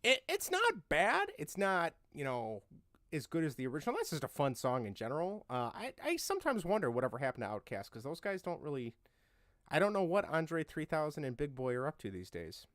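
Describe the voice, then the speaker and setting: A man's voice: on the high side, huge pitch swings, brisk, fairly bright tone, dry recording, studio quality. A man co-hosting a casual podcast chat, agreeable and full of questions. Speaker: podcast co-host.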